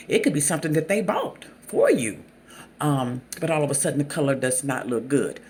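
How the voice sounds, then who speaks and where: A host from the Southern US with a Southern accent, talking unscripted to camera in a halting way with many fillers and restarts. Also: mid-range voice, sing-song, a little mellow, a little hiss or hum. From Southern United States. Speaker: channel host.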